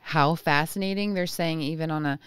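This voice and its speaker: A woman's voice: sits low, a little fast, smooth, no room sound. A woman giving a casual intuitive tarot reading, chatty and often searching for words. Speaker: tarot reader.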